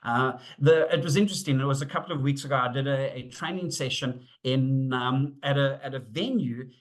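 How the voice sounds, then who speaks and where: A middle-aged man presenting a webinar on safety, telling stories in an animated way, acting out the dialogue and using frequent fillers. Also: medium pitch, brisk. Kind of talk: storytelling talk.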